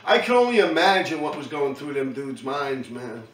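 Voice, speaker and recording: Slangy New York man, bright and roomy. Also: medium pitch, very animated, normal speed, recorded from a distance. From New York City. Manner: profane, slangy, keeps tagging lines with "man". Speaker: host recounting his graffiti days. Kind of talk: casual storytelling monologue.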